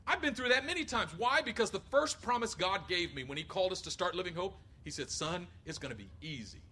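A middle-aged man preaching a sermon, animated, acting out voices of others and rising to near shouts. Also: high-pitched, fast talker, slight background noise. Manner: acts out voices of others in quotes. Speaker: pastor.

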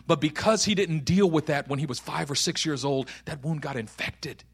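A man preaching a sermon, telling a story and acting out the voices in it, dropping to a hush and then rising to shouts. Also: fairly high pitch, moderate pace, husky. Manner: storytelling with acted voices, swings from hushed to shouting.

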